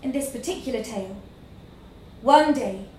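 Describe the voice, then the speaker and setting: A woman reading a literary story aloud in a slow, measured storytelling manner. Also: on the high side, animated, warm tone, slight background noise. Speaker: narrator. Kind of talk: scripted narration of a literary story. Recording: echoey room with faint ambience.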